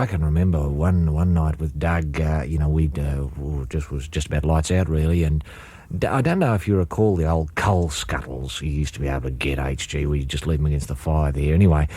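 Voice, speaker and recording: A middle-aged man tells a comic story in a halting, rambling, deadpan way. His voice sits very low and sounds husky and mellow. The recording is dry and close. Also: dry recording. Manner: rambling, halting, full of restarts. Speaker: comedy radio host.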